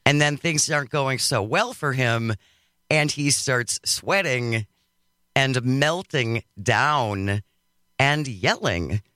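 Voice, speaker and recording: A man's voice: mid-range voice, takes it slowly, no room sound, clean studio sound. A man hosting a talk radio show, taking texts and callers and mocking what he reports. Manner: animated, mocking paraphrase. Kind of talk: casual talk radio banter. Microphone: studio mic.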